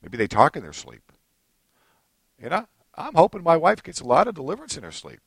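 A man preaching a sermon as pastor, animated, swinging between low asides and high excited bursts and acting out little scenes. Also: brisk, gravelly, breathy edge, dry recording.

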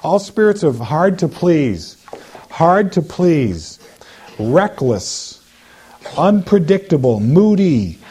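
A man's voice: fairly high pitch, very animated, takes it slowly, warm tone, husky. A man leading a deliverance prayer, commanding spirits to come out and mimicking the voices of sinners in between. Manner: commanding, repetitive, slips into mocking voices of sinners. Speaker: deliverance minister.

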